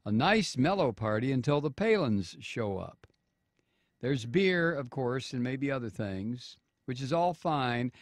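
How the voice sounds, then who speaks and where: A man hosting political talk radio, reading a news story slowly with many fillers and sarcastic asides. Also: mid-range voice, no echo, studio quality. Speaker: radio talk show host.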